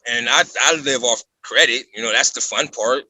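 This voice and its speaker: A man on a podcast, talking casually and ranting in an animated way, often repeating himself. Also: mid-range voice, normal speed. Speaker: podcast guest.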